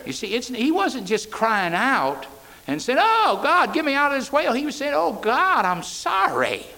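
Gravelly preacher man, high and swooping. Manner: preaching with sudden swings from loud to soft. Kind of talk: sermon.

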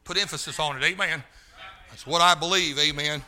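A man preaching a sermon in a fervent, folksy way, talking straight to the room and rising to shouts. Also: fairly high pitch, brisk. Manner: loses his place, talks to the room.

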